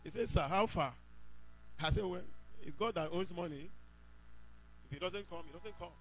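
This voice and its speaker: A man's voice: sits high, moderate pace, poor audio. A man with a Nigerian accent gives an emphatic testimony in a church service, telling his story and bursting into praise. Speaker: church member giving testimony.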